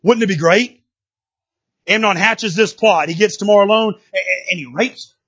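A middle-aged male pastor preaching a sermon, swinging between loud exclamations and quiet asides, on a dull lo-fi recording. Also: high-pitched, moderate pace, breathy edge.

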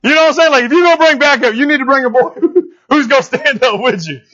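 A man's voice: very high-pitched, fast, bright, forceful tone. A man preaching through a Bible passage, retelling the story in slangy, joking asides. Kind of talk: casual sermon storytelling. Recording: dull lo-fi recording.

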